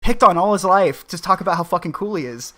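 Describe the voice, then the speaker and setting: A man's voice: high voice, animated, fast talker, sharp tone. A man guesting on a stream, chatting casually in an offhand, profane, hedging way. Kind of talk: casual podcast chat.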